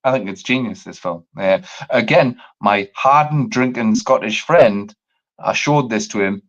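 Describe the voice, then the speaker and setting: A man's voice: lowish voice, a little slow, a bit bright, dull audio. A man co-hosting a casual chat show, talking with passion, rambling and swearing freely. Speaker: podcast co-host.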